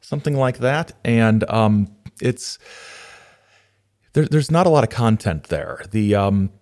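A man's voice: lowish voice, slow. A man hosting a podcast, talking casually with many fillers and reading a rhyming children's storybook aloud. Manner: hesitant, many fillers, lively when reading verse aloud. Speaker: podcast host.

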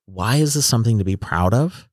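Man, forties, very low voice, reflective, casual conversation, dry close sound. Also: expressive, brisk, a little mellow, dry recording. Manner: reflective, trails off and restarts. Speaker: podcast host.

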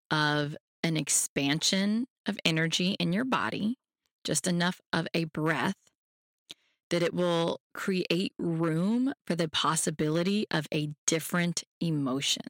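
A podcast host who gives a self-help talk in a gentle, reassuring way and speaks straight to the listener. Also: mid-range voice, creaky, no room sound, studio quality.

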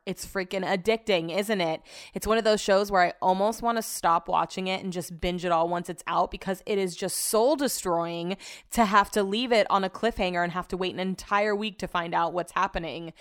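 Chatty woman podcaster, smooth voice. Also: fairly low pitch, a bit bright. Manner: rambling, chatty, swears casually. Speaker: podcast host. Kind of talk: casual solo podcast chat.

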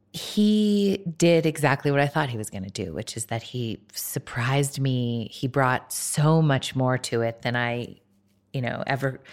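A woman film director as a guest in an interview, talking candidly and casually with frequent laughs and fillers. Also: rumbling low.

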